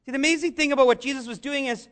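A man preaching a sermon, earnest and conversational, rising to shouts on key lines. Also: extremely high pitch, fairly even intonation, racing. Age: adult, father of young children. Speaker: pastor.

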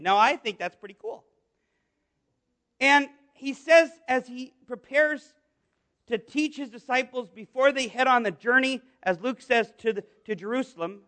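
High, bright-voiced animated pastor. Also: male voice. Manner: animated, asks the congregation questions. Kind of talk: sermon.

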